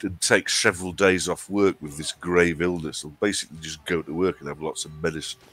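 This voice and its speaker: A man's voice: low-pitched, steady tone, a little fast, a bit bright. A man from England with a cold, co-hosting a live stream in casual, jokey banter. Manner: chatty, banter with jokey asides. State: has a cold. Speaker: stream co-host.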